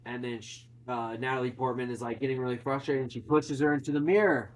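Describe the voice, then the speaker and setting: A man's voice: mid-range voice, fast, rough recording. Man casually recapping a movie, swearing. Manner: swearing, animated retelling with quoted voices.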